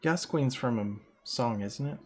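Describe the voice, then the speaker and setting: A man's voice: mid-range voice, a little slow, soft background music. A young man chatting casually while he draws on a stream, joking and picking at his own artwork. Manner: joking, self-critical about his art. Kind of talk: casual chat while drawing.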